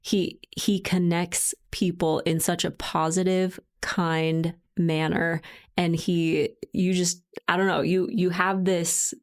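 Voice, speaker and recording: Gravelly-voiced Southern woman guest. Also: lowish voice, little pitch movement, slow pace. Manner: warm, encouraging, affirming. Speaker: podcast guest, coach. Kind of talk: casual interview chat.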